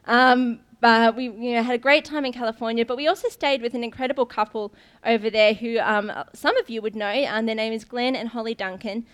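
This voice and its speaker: Young woman preaching casually at church, slightly high voice, lots of ums and restarts, storytelling. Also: steady tone, a little fast, hardly any pauses, smooth. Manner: chatty, laughs often, many ums and restarts. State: briefly tearful. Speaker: guest preacher, pastor's daughter. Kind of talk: informal sermon storytelling.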